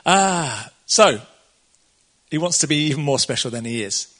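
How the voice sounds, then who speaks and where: A man's voice: on the high side, animated, moderate pace, a bit bright. A man preaching a casual sermon, chatty and conversational, laughing often and acting out the quotes.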